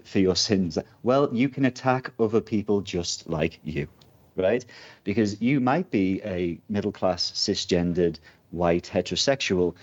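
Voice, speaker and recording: A man's voice: on the low side, a little mellow, lo-fi sound. A man from Britain talking casually as a guest, rambling with many fillers and asides. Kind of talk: casual conversation.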